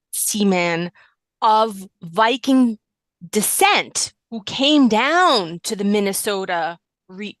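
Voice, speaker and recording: Brief: woman, slow bright voice, rambling deadpan improv expert, dry recording. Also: medium pitch, no echo. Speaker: podcast guest. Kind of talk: improvised comedy podcast.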